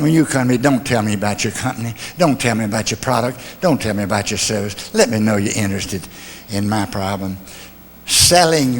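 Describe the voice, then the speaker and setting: A man's voice: medium pitch, slight background noise. An older man giving a motivational talk, telling homespun stories with humor and rhetorical questions. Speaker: motivational speaker. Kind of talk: folksy speech with stories and jokes. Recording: long hall reverb.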